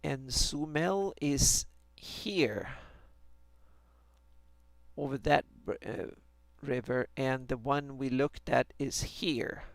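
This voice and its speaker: Brief: man, mid pitch with gravelly fry, dry close sound, musing hesitantly while streaming map work. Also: drawn-out words, dry recording. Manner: hesitant, many restarts and fillers. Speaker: fantasy map maker streaming his work. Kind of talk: thinking aloud on a live stream while drawing a map.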